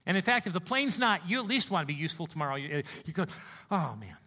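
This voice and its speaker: A man preaching a sermon as a pastor, telling stories with animated swings between hushed and loud delivery. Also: high voice, racing.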